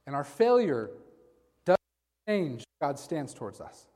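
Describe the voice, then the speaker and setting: A man's voice: fairly high pitch, big pitch swings, slow, a little mellow. Man preaching in a reverberant hall. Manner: conversational preaching, addresses listeners as guys. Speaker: pastor. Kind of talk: sermon.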